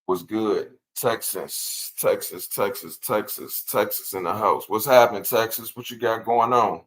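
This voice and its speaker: Man, lowish voice, laid-back, livestream host, reads statutes, answers chat. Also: measured pace, a bit bright, rough recording. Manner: laid-back, repeats words, talks straight to viewers.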